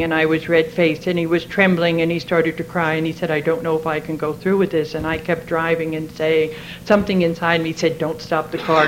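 A woman's voice: medium pitch, slight background noise, low-quality recording. Earnest middle-aged woman telling her story. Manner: earnest, heartfelt storytelling with repeated phrases. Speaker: speaker sharing her story at a recovery meeting. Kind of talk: personal testimony talk.

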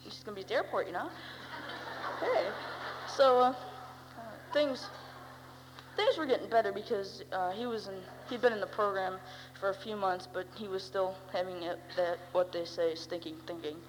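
A woman's voice: mid-range voice, moderate pace. Rambling wry teen girl in a reverberant hall. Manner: rambling, wry, full of "you know" and "uh". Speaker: speaker sharing her story. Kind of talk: personal recovery testimony. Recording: long hall reverb with faint hum.

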